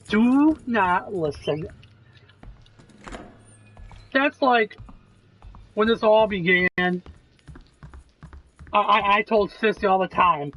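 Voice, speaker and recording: A man's voice: sits high, muffled recording. A man casually talking while playing a game, earnest and reassuring, with plenty of swearing. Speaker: gameplay video creator.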